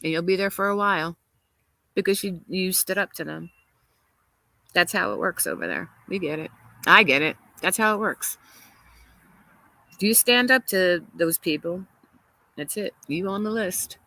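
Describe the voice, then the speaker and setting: A woman's voice: on the low side, normal speed, vocal fry, pauses often, pushed and bright, rough recording. A woman hosting a casual livestream, talking through viewer comments in an opinionated, chatty way and laughing often. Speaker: livestream host. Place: outdoors in a garden.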